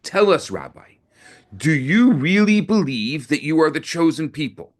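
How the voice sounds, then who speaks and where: A man doing a sneering, cruel officer who taunts his prisoner with mocking, raised words. The voice is pushed higher and louder than the speaker's own. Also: animated, a little slow.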